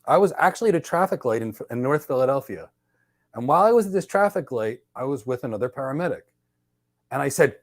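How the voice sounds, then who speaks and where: A man hosting a podcast, giving casual career advice and telling lively stories that he acts out in dialogue. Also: mid-range voice, fast talker. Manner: energetic storyteller who acts out dialogue. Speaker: podcast host.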